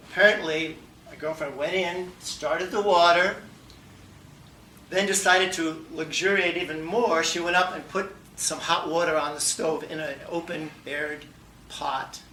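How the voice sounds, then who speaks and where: A man tells a funny personal story to an audience, animated, acting out the dialogue and laughing along. His voice is bright and forward. He is picked up from a distance in an echoey room with faint ambience. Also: a little high, a little slow, a little hiss or hum. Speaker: humor contest speaker. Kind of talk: humorous personal story speech. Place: meeting room before an audience.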